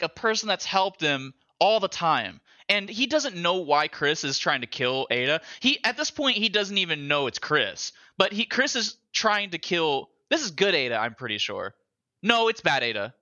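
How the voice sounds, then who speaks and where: A man on an online podcast call, talking casually about a video game, excitable and swearing, often building up into shouting. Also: high-pitched, moderate pace, highs cut off. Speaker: podcast co-host.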